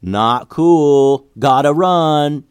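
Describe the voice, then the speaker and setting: A man playing a relaxed young surfer dude in a storybook. He drawls his lines casually, sounding unbothered by danger. The sound is dry and close. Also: lowish voice, moderate pace, no echo, natural voice. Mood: laid-back. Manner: slangy, easygoing drawl.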